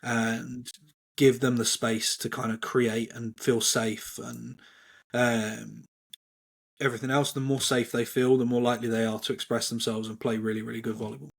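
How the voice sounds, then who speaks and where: Brief: male coach guest, mid pitch, level delivery, calm and considered. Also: gravelly, slightly rough. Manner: measured, calm, even-toned. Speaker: volleyball coach, interview guest. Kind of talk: reflective interview answers.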